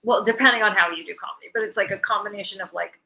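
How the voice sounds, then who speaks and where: A woman's voice: medium pitch, racing, gravelly, bright, forceful tone. A woman comedian in a casual podcast chat, talking in loose phrases packed with fillers. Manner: filler-heavy, laughing asides. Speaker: comedian host.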